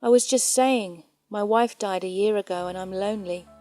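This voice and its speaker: A woman's voice: medium pitch, normal speed, warm tone, soft background music, close to an everyday voice. A woman voicing a lonely, pushy old man in his late sixties who speaks with a strong foreign accent and keeps pressing a stranger. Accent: strong unnamed foreign accent. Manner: insistent, creepily persistent.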